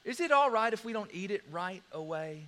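Man doing a lonely hurt woman, soft pleading, highish bright voice. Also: animated, fairly quick. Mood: timid.

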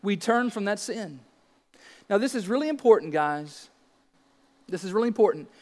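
A man's voice: sits high, expressive, moderate pace, darkish tone, big-room sound. A man in his thirties preaching a sermon as pastor, earnest and emphatic, asking rhetorical questions.

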